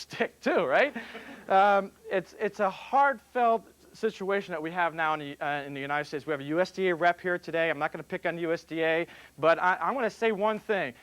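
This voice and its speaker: Older guy vet lecturing at a convention, folksy and jokey, kinda high voice. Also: a bit bright. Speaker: veterinarian giving a conference talk. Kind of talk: conference lecture.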